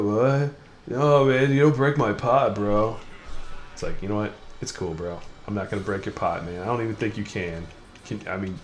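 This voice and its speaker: A young man hosting a gaming video, rambling through crude, self-mocking commentary while he plays. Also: low voice. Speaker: gaming channel host. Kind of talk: casual let's-play commentary. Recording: echoey room with faint noise.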